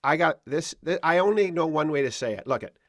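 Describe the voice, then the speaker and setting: A man's voice: on the high side, expressive, brisk, no room sound, studio quality. A man hosting a podcast, introducing his guest in a playful, teasing way. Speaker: podcast host. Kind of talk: conversational interview.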